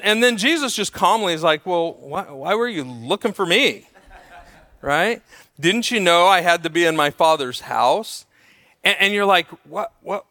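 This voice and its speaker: Speaking in a large hall, a pastor with a voice that sits high brings his sermon to life through lively storytelling, imitating the people he quotes.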